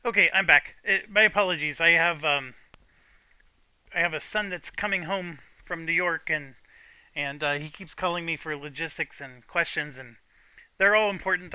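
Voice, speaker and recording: A middle-aged man talks through his gameplay in a very bright, clear-toned voice that sits a little high for a man. He thinks aloud in an easygoing way, with small restarts, while faint game music plays behind him. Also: moderate pace. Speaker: gameplay commentator. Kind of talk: casual let's-play commentary.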